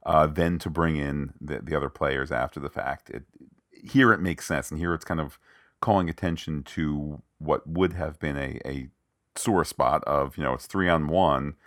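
A man with a very low, deep voice walks through an episode's scenes in a casual recap. He is wry and digressive, dropping in quoted lines as he goes. His voice sits close and dry, with no room around it. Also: steady tone, moderate pace, fairly bright tone, dry recording. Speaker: podcast co-host.

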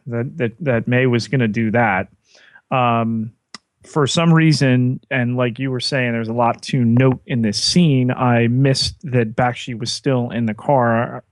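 A man co-hosting a podcast, walking through a TV episode scene by scene in relaxed, casual chat. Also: mid-range voice, no echo. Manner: unhurried, walks through scenes step by step. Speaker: podcast co-host.

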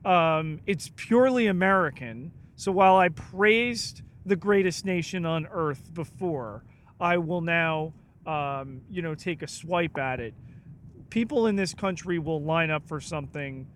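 A man with a fairly high voice co-hosting a casual podcast. He talks very slowly and hesitantly, with dry, sarcastic humor. Faint room ambience can be heard behind him. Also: a bit bright, slight background noise. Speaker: podcast co-host. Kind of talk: casual chat.

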